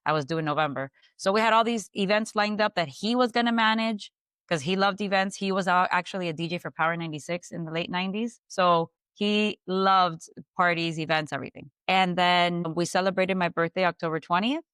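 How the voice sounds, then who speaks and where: A woman in her thirties recounts a painful memory as a podcast guest. Her voice sits low and smooth, and the recording is dry and close. She tells it steadily and matter-of-factly, leaning on "like" and "I go". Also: fairly quick, dry recording. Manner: steady, matter-of-fact retelling with frequent "like" and "I go". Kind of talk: emotional personal storytelling.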